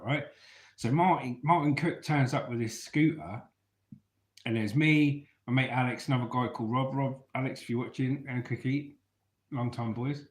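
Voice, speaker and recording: An English storyteller host spins casual tales in a chatty, laddish style, swearing freely. His mid-range voice moves at a moderate pace in a reverberant space.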